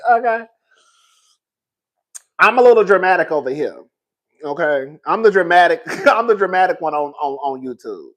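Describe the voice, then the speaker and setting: Young man, sassy reality TV commentary, high voice, wildly animated delivery. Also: unhurried, pauses often. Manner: dramatic, swings from loud outbursts to calm; sassy, calls listeners girl. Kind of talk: casual reaction commentary.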